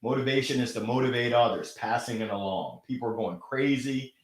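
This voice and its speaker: A man hosting a live motivational stream, reading out viewer comments with energetic enthusiasm and frequent laughter, speaking into a microphone. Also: medium pitch, brisk, reverberant. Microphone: gold microphone.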